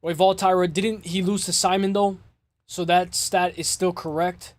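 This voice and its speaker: A man hosting a casual MMA show, breaking down fights in an excitable way, swearing and repeating himself. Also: high voice, normal speed, dry recording. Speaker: MMA podcast host.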